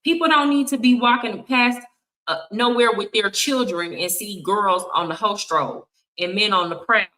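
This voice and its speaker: A woman's voice: medium pitch, moderate pace, sharp tone, rough recording. A woman from Texas with a Texan accent, giving blunt, sassy live reaction commentary straight to her viewers. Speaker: streamer reacting to clips.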